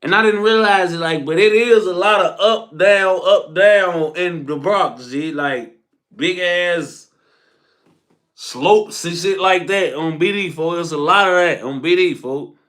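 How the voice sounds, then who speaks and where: Animated young man telling stories. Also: high-pitched, measured pace. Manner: animated, profane street slang, laughs often and acts out quotes. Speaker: storyteller. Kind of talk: casual storytime vlog.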